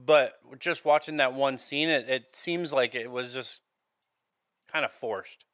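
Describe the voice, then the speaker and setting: Male podcast co-host, crisp bright voice, hesitant and skeptical delivery. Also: mid-range voice, measured pace, no echo, clean studio sound. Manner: hesitant, skeptical, restarts often. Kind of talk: casual chat.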